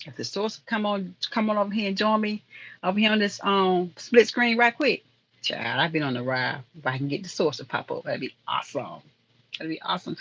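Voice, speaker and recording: A woman's voice: lowish voice, a little fast, a bit bright, highs cut off. A woman hosting a casual live stream, chatting and rambling to viewers in the chat. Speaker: livestream host.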